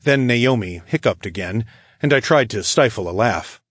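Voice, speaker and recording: A man narrating a story in the first person, calm and measured, as an audiobook narrator. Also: mid-range voice, husky, dry recording, clean studio sound.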